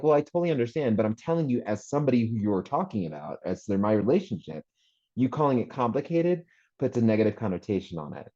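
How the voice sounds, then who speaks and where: A man's voice: medium pitch, a little mellow. A man in casual group chat who tells stories animatedly, acting out quotes and laughing often. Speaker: panel guest. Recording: muffled lo-fi audio.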